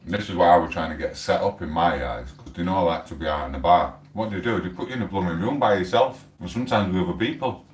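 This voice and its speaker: Deep-voiced English man rambling on a livestream. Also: quick pace, far from the mic. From England. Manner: chatty, wandering, talks while eating and reads chat aloud. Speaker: livestream host. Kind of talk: rambling casual livestream chat. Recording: roomy sound, voice away from the mic.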